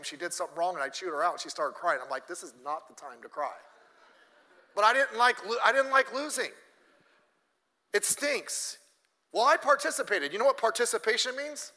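A man's voice: high-pitched, sharp tone. A middle-aged man preaching a sermon, telling a story with acted-out lines and blunt, joking asides, coughing now and then. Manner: storytelling, acting out characters' lines. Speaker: pastor. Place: church. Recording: long hall reverb.

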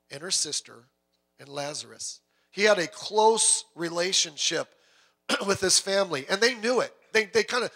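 A male pastor preaches with a high, bright, ringing voice. He is animated and acts out the voices in his story. He sometimes drops to a soft, quiet voice to drive a point home. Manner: animated preaching, acting out voices of people and God. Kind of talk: sermon.

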